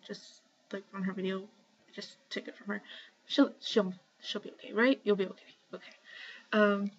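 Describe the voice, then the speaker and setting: A young woman at home talking casually to her camera in a rambling shoutout vlog, full of ums and likes. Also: mid-range voice. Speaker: vlogger. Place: home, indoors. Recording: slightly dull lo-fi webcam audio.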